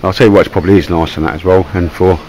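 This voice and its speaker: Deep-voiced Cockney man, chatty vlog. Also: fairly even intonation, very fast, darkish tone, lo-fi sound. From London. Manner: chatty, joking, rambling with filler words. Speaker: vlogger. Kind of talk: casual vlog chat to camera.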